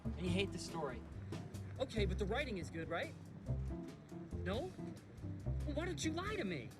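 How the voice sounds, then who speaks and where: An actor playing a desperate male screenwriter who pleads and shouts in self-loathing, heard in a film clip. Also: high voice, wildly swooping pitch, moderate pace, loud music behind the voice. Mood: frantic despair.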